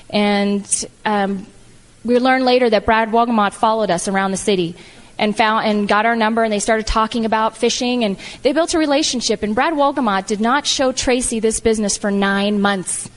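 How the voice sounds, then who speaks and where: A middle-aged woman telling her personal story to an audience, animated and emphatic, acting out the lines she quotes. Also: a little high. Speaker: guest speaker. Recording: long hall reverb.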